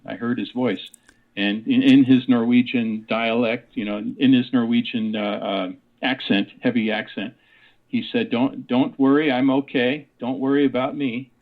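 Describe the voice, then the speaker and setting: A man's voice: medium pitch, fairly even intonation, normal speed. A man in his sixties telling a personal story as an interview guest, rambling with many fillers and restarts. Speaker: guest, author and parapsychologist. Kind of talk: casual storytelling in a radio interview. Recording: tinny phone line.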